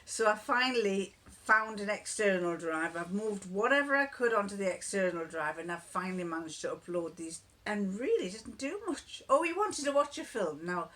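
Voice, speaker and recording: A woman's voice: medium pitch, expressive, moderate pace, a bit bright. Lady vlogger, chatty and rambly, keeps wandering off topic. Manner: rambling, digressive, laughs often. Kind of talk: casual chatty storytelling.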